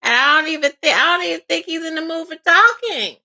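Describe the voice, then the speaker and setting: A woman's voice: very high-pitched, expressive, fast. Brash, profane woman tarot reader. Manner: loud, profane and laughing, slipping into playful quoted voices. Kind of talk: casual tarot reading.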